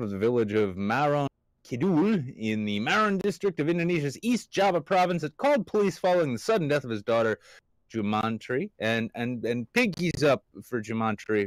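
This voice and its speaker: A man's voice: medium pitch, no echo. Irreverent man reading news, dry room. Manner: irreverent, laughs often, stumbles over names. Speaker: podcast host. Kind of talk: casual comedic news reading.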